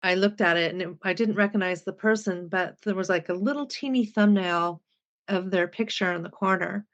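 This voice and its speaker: Woman, 60s, podcast guest; lively storyteller, middle-pitched, plays out the dialogue. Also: brisk, dull audio. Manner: animated storyteller who acts out remembered dialogue. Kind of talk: personal storytelling in an interview.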